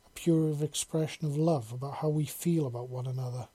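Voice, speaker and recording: Tender scaly lizard lady, man reading her lines, soft coaxing voice, dark and husky. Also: a little high, fairly even intonation, a little fast. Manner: soft, coaxing, quietly commanding. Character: gentle lizard-like female lover, tender.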